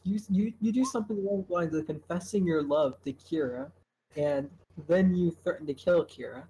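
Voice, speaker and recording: Mellow-voiced wry game master. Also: medium pitch, moderate pace, a little hiss or hum, low-quality recording. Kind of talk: narrating a tabletop game.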